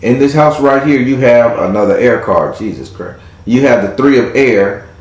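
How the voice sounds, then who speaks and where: A man's voice: mid-range voice, lively intonation, moderate pace, a little mellow, echoey room. A man hosting a live tarot reading with a caller, talking in a playful, teasing way with casual slang. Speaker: tarot reader and host.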